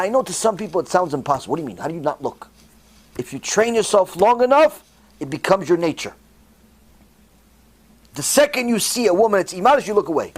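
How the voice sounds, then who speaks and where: A middle-aged man preaches in a sermon, his voice sitting fairly high. He swings his pitch widely and acts out the voices of people he quotes. His delivery is animated and expressive. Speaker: rabbi.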